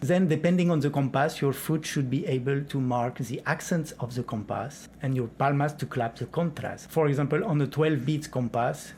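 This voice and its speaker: A man's voice: medium pitch, moderate pace, hardly any pauses, darkish tone, slight background noise. A man teaching flamenco rhythm and clapping, explaining step by step and counting beats aloud.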